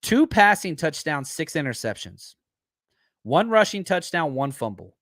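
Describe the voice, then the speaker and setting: A man hosts a live-streamed sports show, talking in a loose, animated way and thinking aloud between points. His voice sits a bit high for a man. The recording is dry and close, with no room sound. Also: measured pace, dry recording. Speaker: podcast host.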